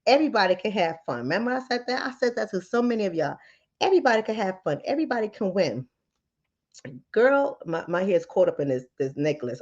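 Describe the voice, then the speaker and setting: A woman hosting her channel in a casual monologue, lively and joking, with slang and frequent laughter. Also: fairly low pitch. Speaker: channel host. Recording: slightly dull lo-fi audio.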